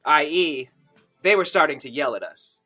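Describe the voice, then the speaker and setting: A man, an author co-hosting a podcast, narrating an improvised story in first person in a measured, wry way. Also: a little high, lively intonation, pushed and bright, faint music behind.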